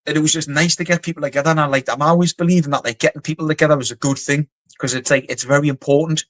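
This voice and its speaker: A man talks fast and a touch high, in blunt, rambling bursts peppered with swearing. He is a guest calling in over video from offshore quarters. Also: steady tone, dry recording. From England. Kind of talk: casual interview chat.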